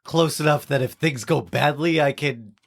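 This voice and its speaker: A man playing a tabletop game, slowly explaining his character's plans with amusement. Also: on the high side, creaky. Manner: slow, amused, explaining choices. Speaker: player. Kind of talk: casual tabletop play.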